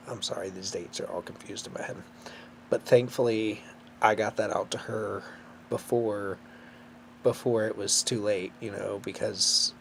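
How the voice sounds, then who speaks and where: Emotional man with a gravelly voice. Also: lowish voice, slight background noise. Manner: emotional, halting, many fillers. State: close to tears. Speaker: vlogger. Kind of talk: personal storytelling to camera.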